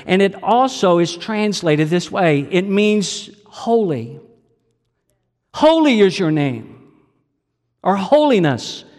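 High-voiced man preaching in a reverberant hall. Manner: storytelling, asks the audience questions. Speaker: pastor. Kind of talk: sermon.

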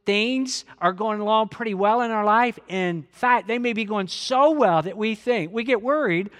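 A man's voice: sits high, normal speed, fairly bright tone. A male pastor preaching a sermon earnestly, repeating key phrases and leading the congregation to read along. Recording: long hall reverb.

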